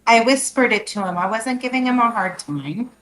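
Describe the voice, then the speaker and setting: A woman's voice: on the high side, lively intonation, normal speed, fairly bright tone, slight background noise, low-quality recording. A woman playing a tabletop game in a teasing, playful way. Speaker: player. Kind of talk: casual tabletop game play.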